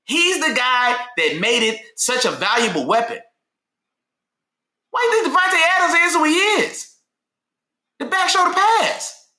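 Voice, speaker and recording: A man hosting a casual sports talk show, speaking in a slangy, animated way and repeating himself when worked up. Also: extremely high pitch, a little slow, pauses often, reverberant. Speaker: sports podcast host.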